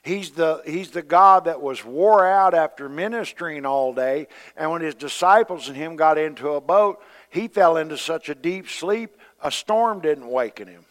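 Preacher, male, slightly high voice, conversational sermon delivery with acted-out quotes, long hall reverb. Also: normal speed. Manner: conversational preaching, acting out quoted voices, swings between loud and soft.

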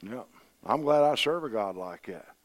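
Middle-aged male preacher, medium pitch, down-home sermon delivery with loud emphatic swells. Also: lively intonation, moderate pace. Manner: folksy, swings between loud emphatic bursts and quiet asides.

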